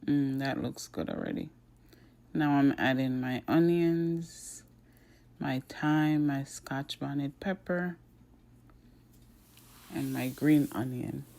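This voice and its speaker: A woman's voice: rumbling low, takes it slowly, creaky, pauses often, warm tone. A woman hosting her own cooking channel, talking through each step in a chatty voice-over. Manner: chatty, step-by-step, starts lines with "so now". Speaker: home cook and channel host. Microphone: voice-over recorded apart from the video.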